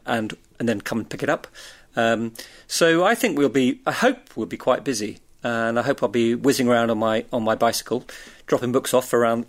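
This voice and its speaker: A man who runs a bookshop, co-presenting a radio show and chatting casually, hesitant with many restarts. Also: medium pitch. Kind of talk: casual chat.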